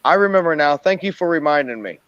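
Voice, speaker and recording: A man's voice: fairly high pitch, lively intonation, quick pace, fairly bright tone, no echo. A man chatting and joking casually on a live stream, playful and wordy. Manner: joking, wordy, puts on mock accents. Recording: dull dry lo-fi mic.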